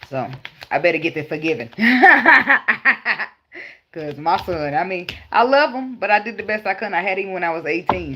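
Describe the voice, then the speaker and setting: A woman's voice: on the low side, dull audio, background noise. Blunt, profane woman giving tarot advice. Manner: blunt, profane, laughing, animated storytelling. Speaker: tarot reader. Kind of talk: casual spiritual advice vlog.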